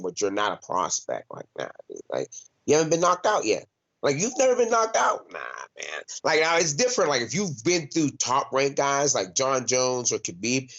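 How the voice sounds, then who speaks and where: A young man talks bluntly in a casual interview, swearing freely and leaning on "like" as he restarts his sentences. His voice sits at an ordinary middle pitch. The recording is dull and lo-fi. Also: a bit bright. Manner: blunt and profane, heavy use of "like", frequent restarts. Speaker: fighter, interview guest. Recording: dull, lo-fi sound.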